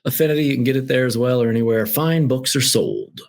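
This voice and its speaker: A man's voice: mid-range voice, fast, vocal fry. A man, a guest author, telling an anecdote animatedly and acting out the dialogue in the voices of the people involved. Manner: lively anecdotal storyteller, acts out quoted dialogue. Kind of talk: animated storytelling.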